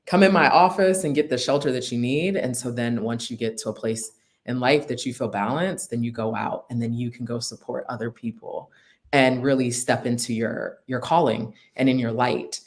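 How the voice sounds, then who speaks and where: A woman counselor calmly and steadily explaining her practice as a guest, with a few fillers. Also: extremely low pitch, moderate pace. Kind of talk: explaining in an interview.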